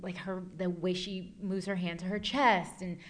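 An actress answering interview questions in a chatty, rambling way with many fillers. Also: female voice, on the low side, level tone, moderate pace.

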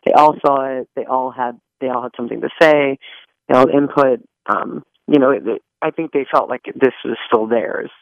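A man's voice: medium pitch, fairly even intonation, moderate pace, gravelly, no echo, highs cut off. A man, a stage actor, chatting as a guest in an interview, joking and laughing with many restarts. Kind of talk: casual interview chat.

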